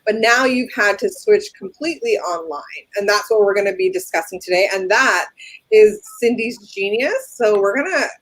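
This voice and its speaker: A woman's voice: mid-range voice, animated, moderate pace, a bit bright. A woman hosts a live online training session over a video call, friendly and conversational. Her voice sounds close and dry, with no room echo. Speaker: host. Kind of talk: live show hosting.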